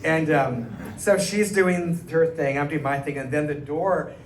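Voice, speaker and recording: A man's voice: fairly high pitch, a little slow, far from the mic. Chatty man telling stories on stage. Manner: animated, chatty, acts out the people in his stories. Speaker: cabaret singer and storyteller. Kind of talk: live stage anecdote to an audience. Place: small arts venue stage, live audience. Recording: roomy live stage sound, faint room noise.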